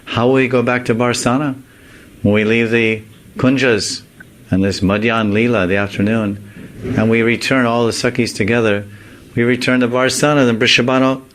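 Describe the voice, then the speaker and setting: A man's voice: medium pitch, fairly bright tone, pitched above the performer's own voice, lightly acted. A man voicing anxious young female cowherd friends, fretful and pleading.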